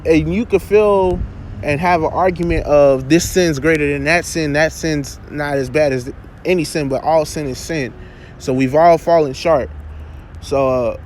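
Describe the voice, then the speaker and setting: A man giving an earnest, preacherly spoken reflection outdoors, halting and restarting as he talks. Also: a little high, a little hiss or hum. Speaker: vlogger.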